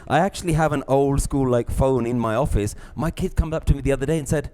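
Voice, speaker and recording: A middle-aged man, teaching a live class, lively, acting out little scenes and laughing often. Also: a little high, a little fast. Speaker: spiritual teacher.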